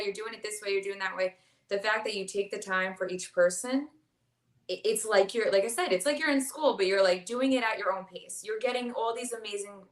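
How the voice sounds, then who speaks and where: A woman in her forties speaks over a video call from an echoey room. Her voice sits at a middling pitch, and she comes across as eager and agreeable. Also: a bit bright. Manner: enthusiastic and agreeable, with quick affirmations. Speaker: hairstylist guest. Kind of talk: casual video chat interview.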